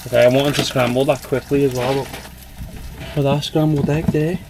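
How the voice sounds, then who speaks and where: A young travel vlogger chats casually to camera from inside a small campervan, rambling with lots of fillers. His medium-pitched voice has fairly even intonation and a normal speed. Background noise can be heard.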